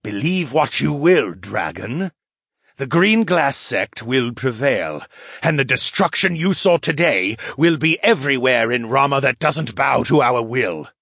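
A man's voice: mid-range voice, animated, unhurried, a bit bright, husky, no room sound, clean studio sound, voice pushed up, exaggerated voice. A man voicing a sly, disdainful male tiger-man mage in an audiobook, with a smug, purring delivery.

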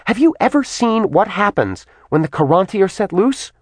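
Man voicing a haughty goddess mother, cold, sharp, dismissive, raised pitch, audiobook. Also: wildly swooping pitch, a little fast, no room sound. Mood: scornful. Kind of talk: audiobook character voice.

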